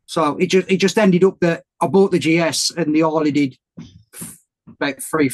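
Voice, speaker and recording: Man from the UK, slightly higher voice, rambling casual storyteller, full of restarts, video call. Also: moderate pace. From United Kingdom. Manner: rambling, full of fillers and restarts, swears freely. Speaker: podcast guest, ex-soldier motovlogger.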